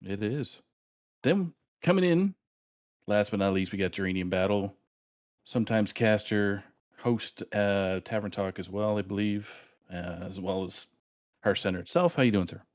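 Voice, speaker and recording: Man from canada, co-host, playful joking intros, lowish voice, dry close sound. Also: normal speed, dry recording. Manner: jokey, playful. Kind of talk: casual live-stream introductions.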